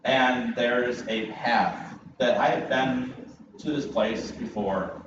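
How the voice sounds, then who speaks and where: A guest preacher opens his sermon in a church sanctuary with a lively, self-deprecating personal story, speaking slowly at a middle pitch. Positioned far from the mic, his voice echoes through the large hall, sounding a little muffled over clear room ambience and background noise.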